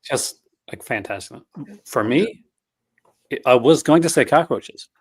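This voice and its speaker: A man's voice: mid-range voice, lively intonation, measured pace, breathy edge. A man in a casual podcast chat, rambling through a story with restarts and laughing at his own jokes.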